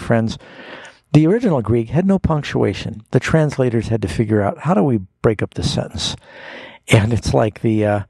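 Male pastor, radio call-in host; gravelly, husky, explains scripture plainly. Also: medium pitch, mellow, dry recording. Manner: explanatory, folksy, reads scripture aloud. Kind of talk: call-in radio Bible answers.

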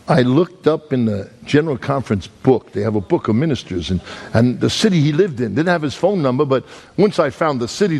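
A male evangelist preaching a storytelling sermon, animated and joking with the congregation, acting out sounds and voices. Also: medium pitch.

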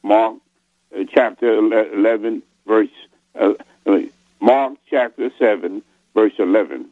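A man's voice: fairly low pitch, dry recording. Hesitant man on a tinny phone line. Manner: hesitant, halting. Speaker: caller.

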